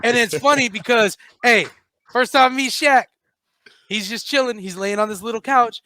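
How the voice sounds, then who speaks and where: A man co-hosting a radio comedy show, telling an animated story in casual banter. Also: very high-pitched, moderate pace, dry recording.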